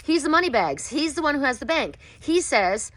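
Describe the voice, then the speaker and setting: A middle-aged woman reading oracle cards who talks outdoors in a casual vlog and keeps breaking into high, excited exclamations as she retells her sessions. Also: moderate pace, no echo. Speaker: oracle card reader.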